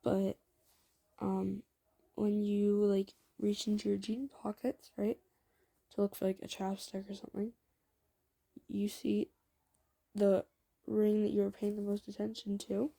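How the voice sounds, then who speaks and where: A woman's voice: mid-range voice, flat delivery, a little slow, creaky, warm tone. A woman improvising a fan-fiction story, rambling casually with many asides and fillers. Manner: rambling, lots of "like", self-commenting.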